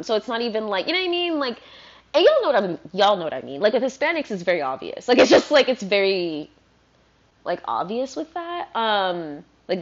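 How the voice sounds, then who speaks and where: A woman vlogger ranting casually, rambling and animated, full of "like". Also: mid-range voice. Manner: rambling, animated, heavy use of "like". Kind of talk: casual rant to camera. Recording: dull lo-fi recording.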